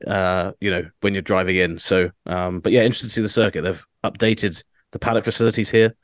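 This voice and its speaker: Fast-talking deep-voiced Englishman. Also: steady tone, dry recording, studio quality. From England. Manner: chatty, rambling with fillers and restarts. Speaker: motorsport journalist, co-host. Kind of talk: casual chat. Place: hotel room on location.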